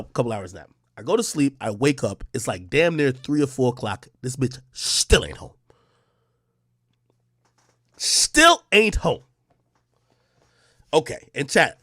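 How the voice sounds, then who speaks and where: A man's voice: fairly high pitch, sharp tone, dry recording, studio quality. A man streaming live, telling a story to his chat in casual, profane slang and acting out the dialogue.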